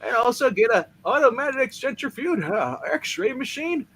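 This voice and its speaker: A man performs a boastful, crude young scientist in a comic-book reading, his voice very high, wildly animated and bright with gravel in it. Faint noise sits under the recording. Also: measured pace, exaggerated voice. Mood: brash.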